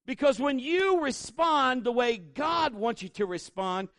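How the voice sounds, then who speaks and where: A pastor with a notably high voice delivers a sermon at a church service. He preaches conversationally and tells animated stories, leaning into the congregation. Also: unhurried, no room sound, studio quality. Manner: conversational, animated storytelling with acted-out quotes.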